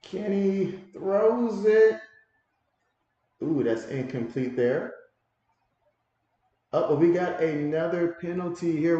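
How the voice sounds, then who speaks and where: Excitable man calling a game, echoey. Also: sits high, slow, long pauses, lo-fi sound. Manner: excitable, reads viewer comments aloud. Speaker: livestream host doing play-by-play. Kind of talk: casual play-by-play commentary and chat. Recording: very echoey room.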